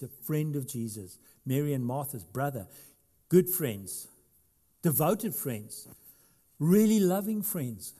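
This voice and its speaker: Middle-aged guy pastor giving a sermon, mellow warm voice, goes big then drops real quiet, chatty with the crowd. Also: mid-range voice. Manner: swings between loud emphatic stretches and quiet, hushed asides; conversational, with questions to the congregation and light humor.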